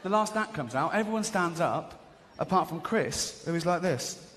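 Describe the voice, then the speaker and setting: A man doing stand-up, telling a story in an animated way and acting out other people's voices. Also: on the high side, normal speed, heavy background noise. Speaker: stand-up comedian. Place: comedy stage. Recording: live stage, hall reverb, faint ambience.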